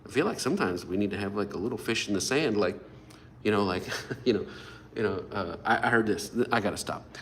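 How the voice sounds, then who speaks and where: A man's voice: fairly low pitch, animated, a little fast, a little hiss or hum. A middle-aged man preaching a sermon, talking animatedly and acting out the voices of people he quotes. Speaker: pastor.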